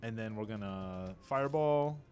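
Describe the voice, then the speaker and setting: A man, a game designer, playing on a live stream and talking through his moves in casual, quick reactions. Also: fairly low pitch, lively intonation, darkish tone, clean tone. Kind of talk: casual play-by-play while gaming.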